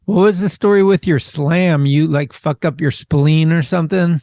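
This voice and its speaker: A man's voice: fairly high pitch, steady tone, moderate pace, mellow. A man hosting a podcast, asking short, casual questions and laughing along with his guests. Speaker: podcast host. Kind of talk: casual interview.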